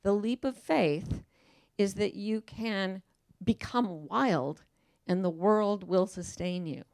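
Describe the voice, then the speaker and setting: Gravelly-voiced woman, emphatic guest. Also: mid-range voice, slow pace, darkish tone, no echo, studio quality. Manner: emphatic and playful, quotes herself in voices. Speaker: guest author. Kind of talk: casual onstage interview talk.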